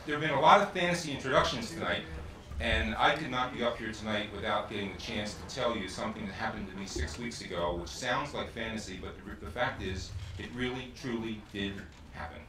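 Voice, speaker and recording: A man's voice: fairly low pitch, a little fast, background noise. Man telling a stage anecdote, roomy. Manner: chatty storyteller, self-deprecating. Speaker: stage performer at an event. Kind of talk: anecdote told to a live audience. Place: theater stage before an audience. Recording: roomy hall, distant mic, music behind.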